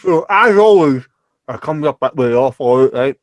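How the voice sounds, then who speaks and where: A man's voice: fairly high pitch, lively intonation, normal speed, dry recording. A man with a Scottish accent co-hosting a podcast, talking animatedly with lots of laughs and casual swearing. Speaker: podcast co-host. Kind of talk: casual chat.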